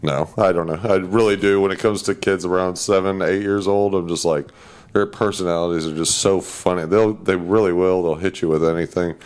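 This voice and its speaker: Laughing storyteller man, low voice. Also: fairly even intonation, fairly quick, darkish tone. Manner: storytelling, acts out kids and himself in voices, laughs often. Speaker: podcast co-host. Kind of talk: casual chat.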